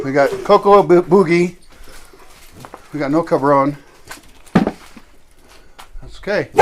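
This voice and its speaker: A man in a casual home vlog, talking to his dogs, coaxing them and calling them loudly at times. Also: on the high side, noisy background. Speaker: vlogger.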